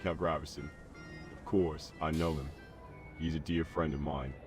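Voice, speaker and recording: A pompous circus lion tamer, spoken by a synthetic male game voice. He talks in a very deep, flat, formal tone, brushing off questions with stiff politeness. Game music plays clearly behind him. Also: moderate pace. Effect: game text-to-speech voice.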